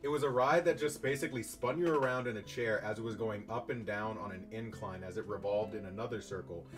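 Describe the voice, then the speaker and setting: Animated young man telling a story. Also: lowish voice, brisk. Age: young adult. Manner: animated, self-mocking, swears freely. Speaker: YouTuber. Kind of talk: casual storytime. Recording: distant mic, faint guitar music behind.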